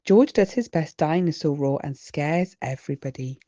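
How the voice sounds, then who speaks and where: A British woman reading a children's storybook aloud, slow and expressive. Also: deep voice, lo-fi sound. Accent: British English. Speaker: children's book reader.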